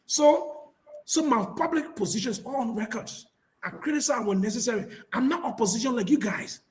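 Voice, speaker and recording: A man's voice: extremely high pitch, fairly quick, a little mellow, low-quality recording. A man arguing defensively and insistently on a heated live panel show, repeating himself to make his point. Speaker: panel guest.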